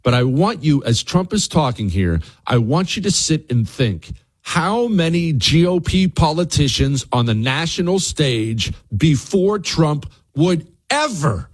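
A man's voice: fairly high pitch, sing-song, unhurried, husky. A man hosting a talk radio show, giving a fired-up monologue and speaking directly to his listeners.

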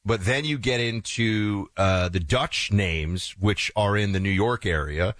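A man from the Northeastern US co-hosting a talk show, chatting casually and wandering off into animated storytelling asides. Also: lowish voice, unhurried, no room sound. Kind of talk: casual conversational chat.

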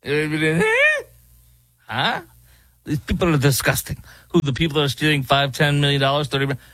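A man's voice: on the high side, level tone, rapid-fire, a bit bright, no echo. A man guest-hosting a political talk radio show, mocking and joking in loose commentary.

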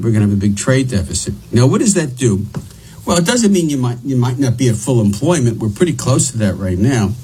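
A man giving economic commentary in a halting way, often repeating words as he thinks. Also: medium pitch, darkish tone, husky, rough recording. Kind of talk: opinion commentary.

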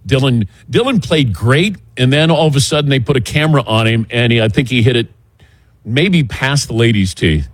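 A middle-aged man hosts a morning sports radio show, chatting easily and moving through ads and the rundown. His voice sits at an ordinary pitch. The sound is dry and close. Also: animated, normal speed, dry recording. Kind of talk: casual morning show talk. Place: outdoors by a golf driving range.

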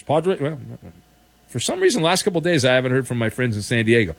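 A male sports radio host talks in a playful, teasing way, and his pitch swings widely. He sits close to a dry studio microphone. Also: animated, moderate pace, no echo.

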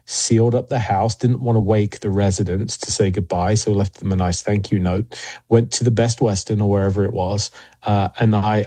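Man, low voice, warm dark tone, husky, dry close sound, measured storytelling. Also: no echo. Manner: measured, many fillers and restarts. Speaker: paranormal investigator guest. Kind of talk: interview storytelling.

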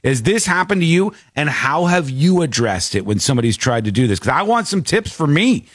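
A man hosting a talk show, chatting casually and ranting with animated, acted-out quotes. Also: fairly high pitch, brisk, dry recording, studio quality. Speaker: podcast host. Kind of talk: casual chat.

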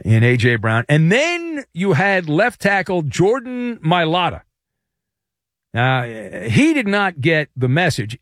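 Sports radio guy riffing sarcastic, voice jumping all over, kinda high, dry studio sound. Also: no echo. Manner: sarcastic, joking, animated delivery with many fillers. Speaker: sports radio talk show host. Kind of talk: sports talk radio monologue.

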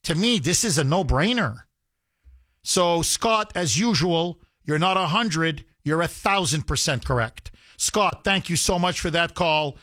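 A man hosts a call-in radio show from the studio, heated and emphatic, circling back over his points. His voice sits a bit high for a man. The sound is close and dry, with no room around it. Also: expressive, a little slow, fairly bright tone, dry recording. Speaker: radio talk show host.

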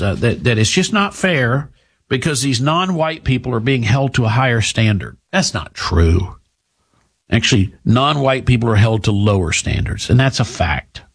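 A man holds forth on his radio show in a blunt, scornful monologue. His pitch swings widely as he argues. His voice carries a slight husk. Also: breathy edge. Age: middle-aged. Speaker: talk radio host.

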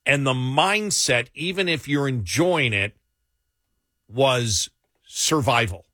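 A man's voice: mid-range voice, takes it slowly, dry recording. A man who hosts a radio show and podcast, chatting casually and telling stories with frequent laughs. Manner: laughing, animated storytelling. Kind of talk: casual chat.

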